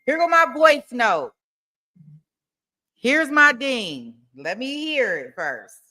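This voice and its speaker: Woman streamer, playful and chatty, higher bright voice, casual live chat at her desk. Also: big pitch swings, slow pace. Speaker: livestream host. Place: home desk.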